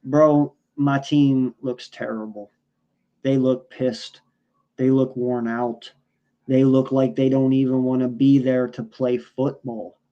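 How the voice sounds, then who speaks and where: A man's voice: medium pitch, level tone, takes it slowly, lo-fi sound. A man co-hosting a sports podcast, ranting in a heated, profane, casual way. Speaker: podcast co-host.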